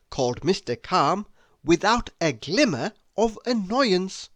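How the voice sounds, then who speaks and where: A man reading a children's picture book aloud in a slow, expressive storytelling voice. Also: high-pitched, no room sound. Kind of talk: children's read-aloud narration.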